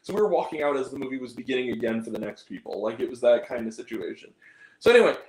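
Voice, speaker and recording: A man's voice: mid-range voice, lively intonation, racing. A man giving a casual spoken movie review, rambling and sarcastic, with many asides. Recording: roomy echo.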